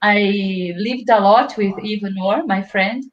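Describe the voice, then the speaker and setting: A woman from Brazil with a Brazilian Portuguese accent, a language teacher telling animated stories in a casual interview. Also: mid-range voice, highs cut off. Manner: animated storytelling, quick bursts.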